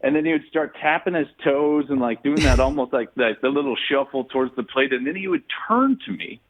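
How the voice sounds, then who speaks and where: A man, a guest sports analyst, telling a story in an animated way and laughing as he goes. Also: medium pitch, a little fast, phone-quality sound. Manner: laughs through his story.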